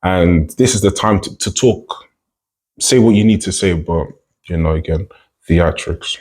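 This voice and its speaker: A British man giving casual reaction commentary with a husky, slightly low voice. He is chatty and drops "you know" all through his talk. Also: moderate pace, darkish tone. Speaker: commentary YouTuber.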